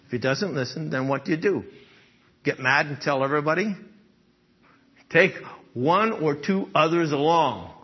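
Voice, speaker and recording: A man's voice: a little high, moderate pace, long pauses, slightly rough, dull audio. A man preaching a sermon in a conversational way, often checking in with "okay?" and "right?" and chuckling as he talks. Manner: chuckles often while speaking. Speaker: pastor.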